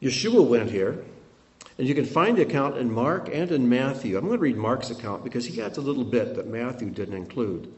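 A man giving a sermon while showing travel photos, telling it in an animated way that swings between loud and hushed. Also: mid-range voice, brisk, roomy sound, dull audio. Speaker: preacher.

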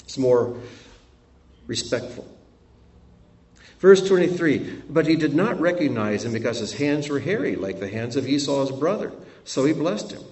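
A man teaching from scripture, reading verses aloud and breaking off for expressive asides. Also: a little high, normal speed, few pauses. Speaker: Bible teacher. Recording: roomy sound from a distant mic.

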